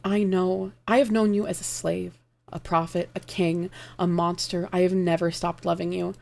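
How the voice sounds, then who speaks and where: A woman reading aloud and voicing a gentle, dying man who speaks softly and tenderly to the one he loves. Her voice has a gravelly edge. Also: on the low side, flat delivery, normal speed. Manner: soft, tender, quiet. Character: dying gentle male lover, tender and calm.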